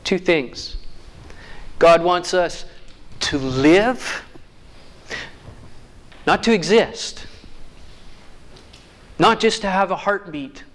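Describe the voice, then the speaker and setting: A man with a fairly high voice preaching a sermon. He reads scripture in slow, weighty phrases and then slips into easy, joking asides. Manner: reads scripture slowly, then jokes warmly with the crowd.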